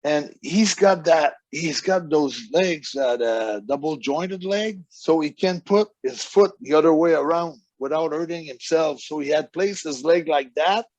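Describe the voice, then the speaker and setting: A man's voice: fairly high pitch, measured pace, hardly any pauses, darkish tone, no echo, dull audio. Man telling rambling stories. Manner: rambling anecdotes with quoted voices. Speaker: wrestler guest. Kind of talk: casual storytelling interview.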